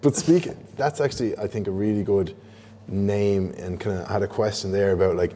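Irish host guy, low mellow voice, easygoing pub chat, faint hum behind. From Ireland. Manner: easygoing, quick to laugh and agree.

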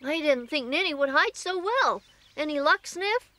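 Woman doing a cartoon troll boy, earnest, kind, bright and lively voice. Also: high voice, normal speed, a little hiss or hum. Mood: worried. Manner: eager, encouraging, calls out often. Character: young male troll, kind and earnest leader. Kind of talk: animated cartoon voice acting.

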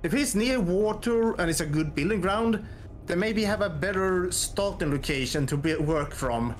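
Co-op gamer, man, high animated voice, talks through plans with restarts. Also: normal speed, soft background music. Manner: planning aloud, restarts often. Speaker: co-op gaming partner. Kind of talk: casual gaming chat.

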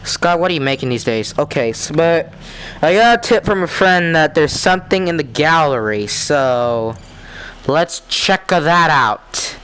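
A man talking through a virtual reality horror game, with excitable, jumpy reactions and rambling asides. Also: fairly high pitch, normal speed, slight background noise. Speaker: gamer. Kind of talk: let's play commentary.

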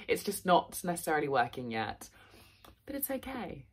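Tired, husky-voiced woman vlogging. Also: lowish voice, sing-song, moderate pace. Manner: chatty and candid, rambling with fillers and swearing. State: tired and low on energy. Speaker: fitness vlogger. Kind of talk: casual vlog chat. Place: at home, indoors.

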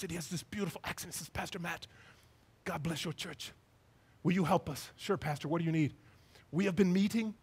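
A man's voice: high-pitched, husky. A man, a pastor preaching a sermon in a church and acting out the people in his stories. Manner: animated storytelling, acting out voices. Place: church sanctuary.

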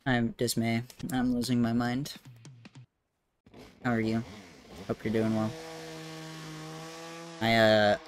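A man's voice: medium pitch, little pitch movement, slow pace, long pauses, faint music behind. A man streaming a speedrun practice, frustrated and swearing as he mutters about his mistakes. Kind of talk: live game stream commentary.

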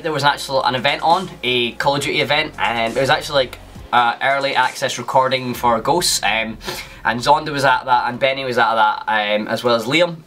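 A man's voice: mid-range voice, sharp tone. A young Scottish man telling a casual, rambling story to camera as a YouTuber, with lots of fillers and restarts.

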